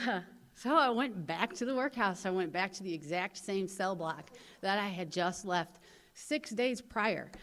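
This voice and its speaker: A woman from St. Louis speaking at a recovery convention. She talks casually, fills her speech with "you know," and acts out other people's lines in lively voices. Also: lowish voice. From St. Louis, USA. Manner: casual storytelling, heavy on "you know" fillers. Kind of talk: personal recovery talk. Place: convention hall.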